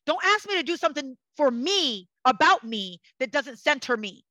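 A woman with a bright, somewhat high voice speaks passionately and forcefully, preaching self-empowerment. Her delivery is insistent and motivational, recorded close and dry with no room sound. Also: lively intonation, moderate pace, no room sound, low-quality recording. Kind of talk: casual conversation.

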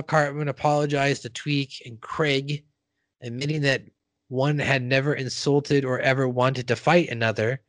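A man's voice: medium pitch, fairly bright tone, dry recording. A man casually recapping a cartoon episode, acting out the characters' lines and laughing often. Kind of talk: casual chat.

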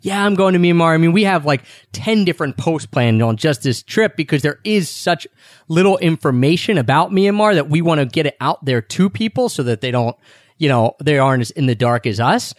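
A man's voice: fairly high pitch, expressive, brisk, no echo, clean studio sound. A young man co-hosting a casual travel chat, talking in a rambling, self-deprecating way. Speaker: travel podcast co-host.

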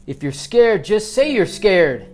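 Driven youth football coach dad, voiced by the narrator, dry and firm, audiobook read. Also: male voice, medium pitch, lively intonation, unhurried, gravelly. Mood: bellowing. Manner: dry, firm; bellows commands on the field. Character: intense male youth football coach and father.

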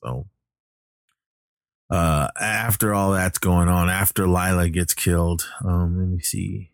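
Deep-voiced man rambling through a recap. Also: steady tone, takes it slowly, no echo, clean studio sound. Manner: rambling, full of fillers and self-corrections. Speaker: movie recapper. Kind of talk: casual film recap.

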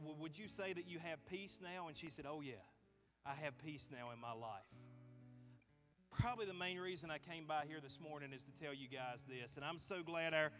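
A man's voice: a little high, pushed and bright. A man preaching as pastor, earnestly retelling a conversation in a conversational sermon style. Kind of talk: sermon storytelling. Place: church sanctuary.

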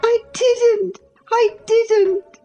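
A woman voicing a distraught teenage girl who pleads in high, breathless sobs. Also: unhurried, mellow, soft background music. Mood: sobbing. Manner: high, breathless sobbing pleas.

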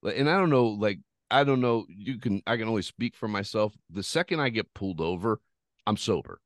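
A man with a lowish voice recounts a wild story on a podcast, swearing freely and rambling along. The sound is dry and close, with no room around it. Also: a little fast, no echo. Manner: profane, rambling, animated retelling. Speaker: podcast host. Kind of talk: casual storytelling chat.

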